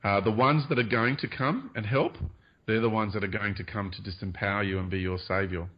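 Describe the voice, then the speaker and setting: A man with a low voice talks in an earnest, meandering way, hedging his claims and filling pauses with ums. The sound is dull and lo-fi, like an old radio recording. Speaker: guest. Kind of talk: spiritual interview talk.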